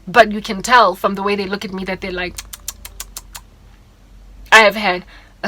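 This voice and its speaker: A woman's voice: medium pitch, sharp tone, no echo, poor audio. A young South African woman with a South African accent, earnestly sharing a hurt, confiding personal testimony in a vlog. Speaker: vlogger.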